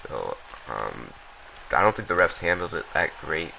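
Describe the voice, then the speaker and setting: A young man with a low yet bright, forceful voice talks through his gameplay footage in a loose, rambling way. He fills gaps with ums and uhs and doesn't shy away from swearing. A faint noise sits under the recording. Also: very animated, unhurried, gravelly, poor audio. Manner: rambling, lots of ums and uhs, blunt and profane. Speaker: gameplay commentator. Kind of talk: casual gameplay commentary.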